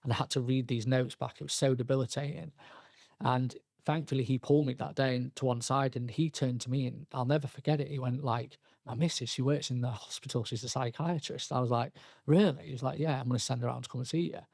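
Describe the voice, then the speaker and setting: A young man, a podcast guest telling his story candidly, halting and restarting often. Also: mid-range voice, fairly even intonation, creaky, darkish tone, dry recording, studio quality. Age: young adult. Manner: halting, frequent restarts and fillers, quoting himself and others.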